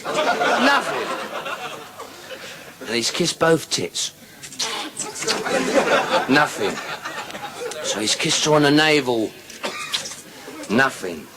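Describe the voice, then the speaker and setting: A man's voice: mid-range voice, huge pitch swings, very slow, pauses often, very noisy. A man telling crude jokes on stage in a bawdy, conversational manner, recorded live. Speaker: comedian. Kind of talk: stand-up joke telling. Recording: live show with laughing crowd. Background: audience laughter.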